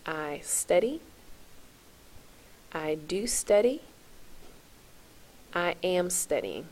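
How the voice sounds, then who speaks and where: A woman's voice: lowish voice, expressive, very slow, a little mellow. A woman teaching a French lesson to her class, spelling out verb endings in a chant and checking in with "okay?" as she goes.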